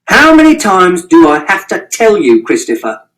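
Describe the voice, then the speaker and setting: A man's voice: high voice, wildly swooping pitch, normal speed, fairly bright tone, far from the mic, pitched above the performer's own voice, heavily acted, poor audio. A man reading as a stern, scolding father. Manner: curt, scolding, swearing in anger. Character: stern, exasperated middle-aged father.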